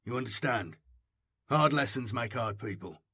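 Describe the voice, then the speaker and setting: A man voicing a gruff, stern old grandfather and veteran in an audiobook reading, with harsh, snapping commands. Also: medium pitch, animated, normal speed, fairly bright tone, no echo.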